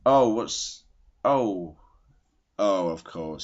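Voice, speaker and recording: Man, very deep voice, casual gameplay commentary, self-mocking asides, dull lo-fi recording. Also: lively intonation, moderate pace, breathy edge. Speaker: gaming commentator.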